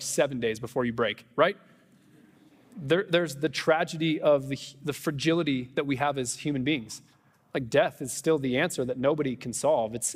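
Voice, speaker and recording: A man preaching a conversational Easter sermon as pastor, animated, with self-deprecating humor and quick asides. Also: a little high, long reverb tail. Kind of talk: Easter sermon with personal stories. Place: church sanctuary.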